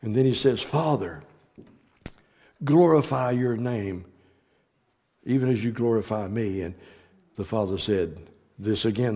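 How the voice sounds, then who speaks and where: Slow-preaching pastor man, echoing sanctuary. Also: lowish voice. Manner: slow preaching with wide swings from loud to hushed. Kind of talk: sermon. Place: church sanctuary.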